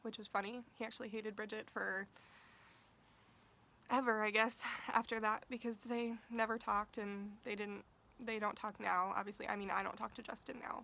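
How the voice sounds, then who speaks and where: A young woman vlogger telling a casual storytime, talking fast and swearing freely, saying "like" all the time. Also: medium pitch, flat delivery, creaky, pushed and bright, rough recording. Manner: profane, fast-talking, uses "like" constantly.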